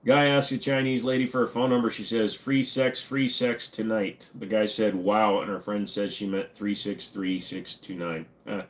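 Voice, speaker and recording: A man's voice: on the low side, fairly even intonation, moderate pace, hardly any pauses. A retired man from the United States, hosting a casual livestream, joking while reading chat aloud. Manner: joking, reading chat, slipping into silly voices. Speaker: livestream host.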